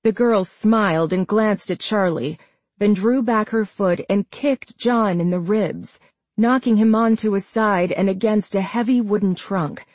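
A woman reading a suspense novel aloud in a measured, even storytelling manner. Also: medium pitch, dry recording. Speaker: narrator. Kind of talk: scripted audiobook narration.

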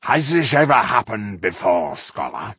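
A man voicing a cheerful male dwarf warrior who teases his friend, husky-voiced and easygoing. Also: on the low side, expressive, a little slow, no echo, exaggerated voice. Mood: teasing. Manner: jovial, mocking, easygoing.

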